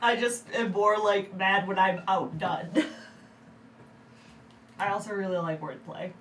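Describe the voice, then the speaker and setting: Slow, bright-voiced playful woman. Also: medium pitch, steady tone. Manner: playful, teasing. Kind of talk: casual chat before a tabletop game. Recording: roomy, distant mic, faint background noise.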